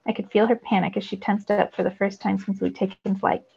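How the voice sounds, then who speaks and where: Woman teacher reading a novel aloud for students, expressive, gravelly, dull lo-fi audio. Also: mid-range voice, a little fast. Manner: expressive storytelling.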